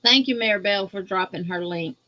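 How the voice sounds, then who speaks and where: A woman from Louisiana with a Southern accent, guest-hosting a crochet livestream and chatting casually with viewers, greeting them in a folksy, drawn-out way. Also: medium pitch, pushed and bright. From Louisiana, USA. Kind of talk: casual livestream chat reading viewer comments.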